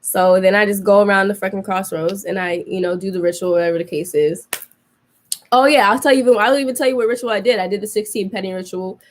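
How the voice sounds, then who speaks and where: A woman's voice: mid-range voice, quick pace, slight background noise. Young woman telling a story, rambling. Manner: rambling, many fillers and restarts; acts out her own quoted reactions. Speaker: podcast host. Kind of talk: casual storytelling chat.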